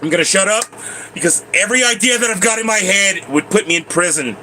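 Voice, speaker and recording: A frustrated man rants in a high, lively, bright voice that swings widely in pitch. He swears as he vents to his viewers from his parked bus. A faint noise hums behind him. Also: quick pace, rough recording. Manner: frustrated, swearing, ranting then trying to calm down. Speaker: livestream vlogger. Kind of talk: angry venting to viewers.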